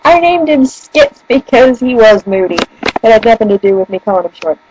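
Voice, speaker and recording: A woman's voice: fairly high pitch, sing-song, brisk, darkish tone, slight background noise, rough recording. A young woman with a northern US accent, chatting casually in a rambling, giggly way. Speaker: vlogger. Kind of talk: casual chat. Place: room at home by a bookshelf.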